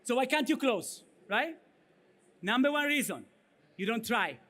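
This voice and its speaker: A man with a thick Italian accent delivers a conference keynote in a high voice. He speaks bluntly and punchily. He keeps checking in with the audience with "right?" and "okay?". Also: lively intonation, measured pace, fairly bright tone. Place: conference stage.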